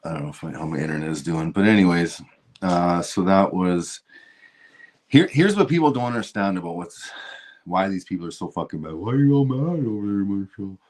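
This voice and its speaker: The show host here has a low, slightly mellow voice with lively intonation and a somewhat fast delivery. He's ranting about politics on his stream, heated and profane, full of repeats and restarts.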